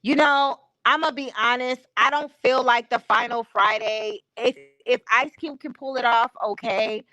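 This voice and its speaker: A woman's voice: a little high, fairly even intonation, a little slow, pushed and bright, no echo, low-quality recording. A woman hosting a live stream, chatting casually in a candid, opinionated way with slangy everyday talk. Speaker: stream host. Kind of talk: casual chat. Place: home streaming setup.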